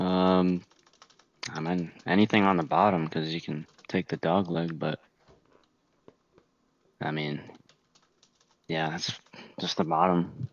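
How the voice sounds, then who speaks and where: A man's voice: low-pitched, fairly even intonation, slow, creaky, long pauses, no room sound, lo-fi sound. A laid-back man chatting dryly as co-commentator on a race broadcast. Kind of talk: casual commentary banter.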